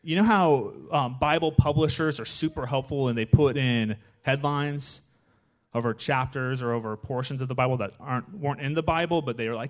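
A man giving a casual, conversational sermon in a church, chatty and animated, often checking in with his listeners. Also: mid-range voice, moderate pace. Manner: chatty, animated, with frequent "right?" asides. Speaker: guest preacher.

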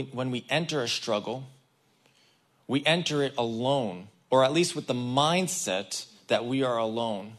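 A man's voice: medium pitch, fairly bright tone. A man preaching a conversational sermon, talking straight to the congregation and acting out the people in the story. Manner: casual and chatty, addresses the congregation directly. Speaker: guest preacher.

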